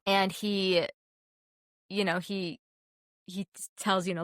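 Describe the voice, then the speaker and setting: Young woman podcast co-host, heartfelt and a bit emotional, lowish pitch, dry close recording. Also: fairly even intonation, unhurried, fairly bright tone, dry recording. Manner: heartfelt, emotional, many restarts. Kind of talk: casual film chat.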